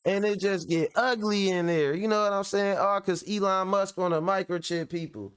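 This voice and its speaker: A man's voice: high-pitched, normal speed, clean tone. A young man hosting a reaction show, joking loosely and profanely as he comments on a clip. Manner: profane, animated, laughing and joking.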